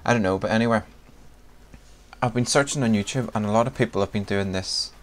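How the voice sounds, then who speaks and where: With a lowish voice and a fairly quick delivery, a young Northern Irish vlogger chats casually in his Northern Irish accent. For a video he reads through a word list one word at a time, laughing between the lines.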